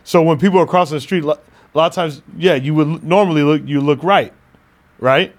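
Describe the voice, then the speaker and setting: Brisk and fairly high-pitched, this man banters easily as a podcast co-host in a casual conversation. He stays laid-back, laughing frequently and cursing from time to time.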